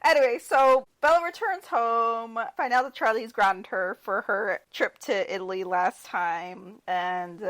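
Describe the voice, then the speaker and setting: A woman's voice: a little high, unhurried, hardly any pauses. A woman on a podcast recapping a movie in casual chat, sarcastic and prone to laughing. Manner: sarcastic, lively, laughs often. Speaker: podcast co-host.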